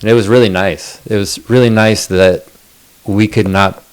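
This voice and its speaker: A podcast co-host with a lowish, clean voice tells a long story at normal speed and with fairly even intonation. His casual chat is rambling and profane, packed with fillers.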